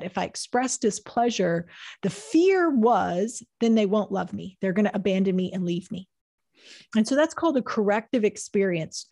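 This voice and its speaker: A woman's voice: mid-range voice, darkish tone. A woman hosting a talk on anxiety, explaining in an earnest, teaching manner and acting out quoted dialogue. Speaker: therapist host.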